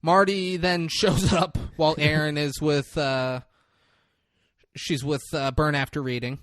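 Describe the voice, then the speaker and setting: A man's voice: a little high, steady tone, unhurried, a bit bright, no echo, clean studio sound. A man co-hosting a podcast, casually retelling a film scene with lots of swearing and acted-out character voices. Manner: acts out film characters in swinging voices, profane. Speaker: podcast co-host.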